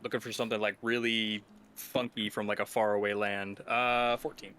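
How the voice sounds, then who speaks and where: A man's voice: fairly low pitch, level tone, moderate pace, a bit bright. A man playing a tabletop game, talking casually and hesitantly with many fillers. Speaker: player.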